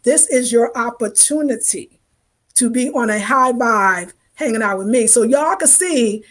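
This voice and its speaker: A woman in her fifties chats loosely with her live viewers, greeting them and hyping them up in casual slang. Her voice sits a little high, and she keeps an animated, talky rhythm. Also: normal speed. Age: 50s. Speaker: lifestyle channel host. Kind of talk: casual livestream chat with viewers.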